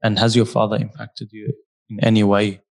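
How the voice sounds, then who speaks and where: A man's voice: fairly low pitch, monotone, a little fast, creaky. A man asking questions in a casual interview, often restarting his sentences.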